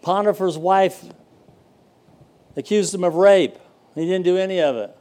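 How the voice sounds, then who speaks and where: An older man preaching a sermon as pastor, telling stories in a folksy way with dramatic pauses. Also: high-pitched, warm tone.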